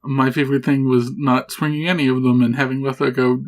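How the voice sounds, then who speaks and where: Laid-back man chatting, mid-pitched. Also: level tone, fairly quick. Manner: laid-back, laughs often, swears casually. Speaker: podcast co-host. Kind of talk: casual chat about a video game.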